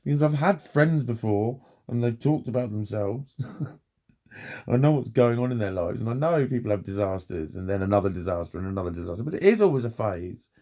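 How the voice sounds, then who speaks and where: A man's voice: fairly low pitch, lively intonation, a little fast, dark tone. A man in his forties, talking in a rambling personal vlog monologue, sweary and chatty, laughing at himself often. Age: 40s. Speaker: vlogger.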